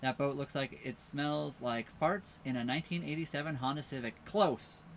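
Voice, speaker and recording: Streaming live from his sailboat at a marina, a man chats easily and reads viewer comments out loud as he rambles. His voice sits at medium pitch with a moderate pace. A faint hiss or hum runs under the audio.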